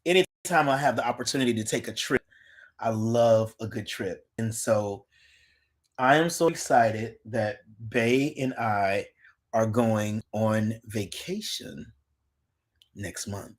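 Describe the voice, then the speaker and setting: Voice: mid-range voice, slow. An adult host chatting casually on a live stream, greeting viewers by name and reading their comments aloud, recorded on a phone.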